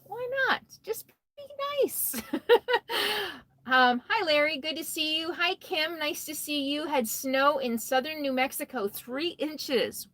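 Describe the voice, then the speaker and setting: A woman hosts a casual livestream, talking into a phone held close from inside her RV. Her voice sits a little high and sounds bright and forward, with a dry, close sound. She comes across tired but chatty, greeting viewers by name and laughing often. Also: no echo. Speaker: RV vlogger hosting a livestream. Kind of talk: casual live stream chat.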